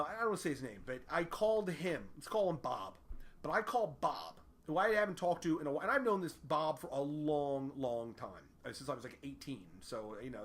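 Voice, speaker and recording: A man's voice: fairly high pitch, a bit bright. A man telling a rambling, profane, self-deprecating comic story in a casual way.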